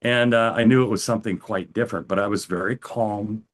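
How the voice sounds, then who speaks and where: An older American man, an interview guest, telling his personal story calmly, often stopping and restarting his sentences. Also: fairly low pitch. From United States. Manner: calm, halting, with frequent restarts.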